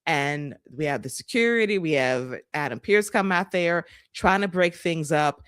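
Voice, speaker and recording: A woman co-hosting a podcast, recapping wrestling with animated, sarcastic, profane commentary. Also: low-pitched, moderate pace, smooth, no echo, studio quality. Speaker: podcast co-host.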